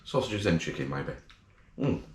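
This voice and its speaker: Male vlogger, very low voice, jokey home-cooking chat in an echoey kitchen. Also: big pitch swings, moderate pace. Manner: chatty, jokey, talks while eating. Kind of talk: casual cooking vlog. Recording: echoey room.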